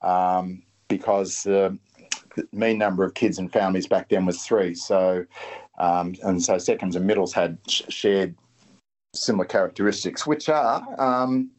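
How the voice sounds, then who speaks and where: A middle-aged man, a guest author talking in a halting way and often repeating his words. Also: low-pitched, steady tone, darkish tone. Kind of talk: casual interview talk.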